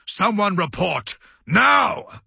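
A man voicing an imperious male fleet commander who barks sharp demands in an audiobook. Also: a little high, animated, slow pace, vocal fry, slightly rough, dry recording, full character voice. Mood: demanding.

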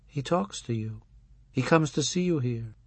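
A man's voice: medium pitch, lively intonation, no echo, pitched above the performer's own voice. A man voicing an older rabbi and husband, stern and commanding, speaking in a lofty, preaching manner. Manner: lofty, preaching, slow on emphasis.

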